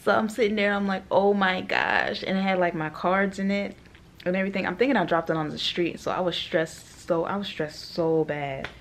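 Gravelly-voiced woman venting in a vlog. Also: fairly low pitch, moderate pace. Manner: animated storytelling, laughs often, quotes people. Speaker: flight attendant vlogger.

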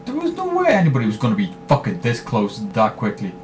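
A man giving live commentary over his own shooter gameplay, swearing freely and trash-talking in bursts of excitement. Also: medium pitch, quick pace, soft background music. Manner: profane, excitable trash talk. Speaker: gaming commentator.

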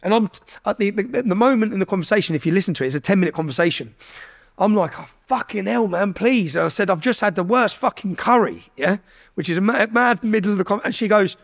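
A man's voice: high voice, fast. Swearing man telling a story. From England. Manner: heavy swearing, animated retelling with quoted dialogue. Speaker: podcast guest. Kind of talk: casual storytelling.

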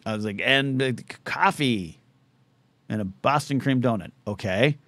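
A man's voice: medium pitch, normal speed, no echo. Rambling Californian man hosting call-in show. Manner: rambling, self-deprecating, lively storyteller. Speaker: host of a live call-in show. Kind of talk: casual livestream talk-radio chat.

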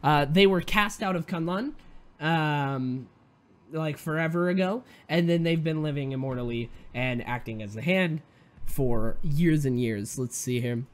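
A man's voice: fairly high pitch, unhurried. A man hosting a casual review of a TV show, rambling and chatty, with frequent fillers and self-interruptions. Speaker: host.

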